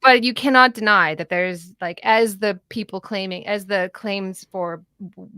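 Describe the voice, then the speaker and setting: Woman commentator, bright close voice, animated and laughing, mimics others. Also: mid-range voice, a little slow, smooth, no echo. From Canada. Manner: animated, laughs often, mimics people she describes. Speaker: political commentator. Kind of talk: casual political discussion.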